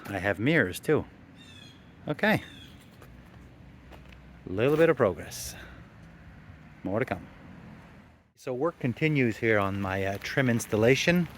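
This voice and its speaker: A man's voice: on the low side, a little hiss or hum. A man restoring a classic car in his garage, talking casually to the camera with lots of fillers and a dry, sarcastic streak. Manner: easygoing, rambling, many fillers, dry sarcasm. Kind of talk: casual workshop vlog narration. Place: garage workshop.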